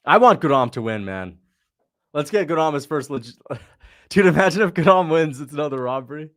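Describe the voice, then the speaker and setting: A man's voice: fairly high pitch, animated, no echo, clean studio sound. A young man casually hosting a livestream, chatting loosely, laughing easily and thanking viewers as he reacts. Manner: loose, chatty, quick to laugh, reads out donations. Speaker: livestream host reacting to fights.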